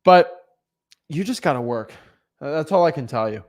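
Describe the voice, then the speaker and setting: A young man giving casual motivational advice as a real estate coach, animated, often repeating and restarting words. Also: fairly high pitch, normal speed. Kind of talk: casual motivational vlog talk.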